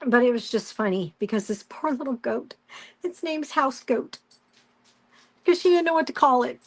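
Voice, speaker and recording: A woman's voice: high voice, moderate pace. A woman hosting a crafting live stream, chatting casually and telling stories while she works. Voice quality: chatty storyteller, animated retelling with quoted voices.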